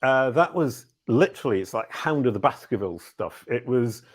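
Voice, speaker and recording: A man's voice: medium pitch, moderate pace, breathy edge. Man with a faint Yorkshire accent. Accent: slight Yorkshire. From Yorkshire, England. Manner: lively, self-deprecating storyteller. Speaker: podcast guest. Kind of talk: casual interview chat.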